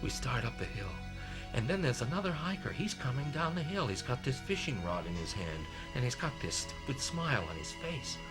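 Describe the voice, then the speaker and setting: An actor playing a self-mocking, out-of-shape husband, telling a story in a wry, self-deprecating comic monologue, with music behind. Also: male voice, medium pitch, sing-song, brisk, lightly acted. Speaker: film character narrating a monologue.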